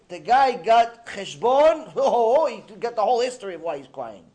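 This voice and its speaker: A man teaching a religious class, telling his story with emphatic, animated delivery. His voice sits high for a man, and the pitch moves a lot. He often repeats phrases for effect. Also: normal speed, few pauses. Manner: animated, emphatic storytelling, mixing Hebrew terms into English. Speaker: rabbi giving a lecture. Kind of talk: Torah lecture with storytelling.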